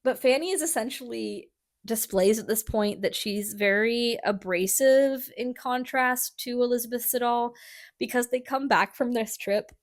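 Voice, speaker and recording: A woman's voice: fairly high pitch, moderate pace. Chatty, swearing woman podcast host. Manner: chatty, swears freely, many fillers. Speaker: podcast host telling a history story. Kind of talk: casual storytelling chat.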